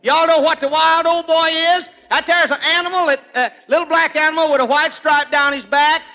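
A man's voice: very high-pitched, fairly even intonation, a little fast, pushed and bright. A man telling rural hunting gags as a stage comedian, folksy, chuckling at his own jokes and stammering on restarts. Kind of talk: rapid-fire rural stand-up gags. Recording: echoey hall with faint noise.

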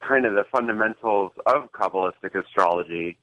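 A man's voice: lowish voice, brisk, sharp tone. A man calling into a radio show for the first time, speaking hesitantly and searching for his words. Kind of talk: phone call to a radio show. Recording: tinny phone line.

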